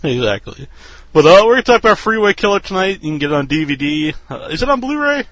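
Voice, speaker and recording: A man's voice: on the high side, sing-song, fast talker, fairly bright tone, dry recording, highs cut off. A man hosting a horror podcast interview, chatting loosely and easily, with plenty of fillers. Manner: easygoing, loose, with many fillers. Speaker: podcast host. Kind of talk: casual interview chat.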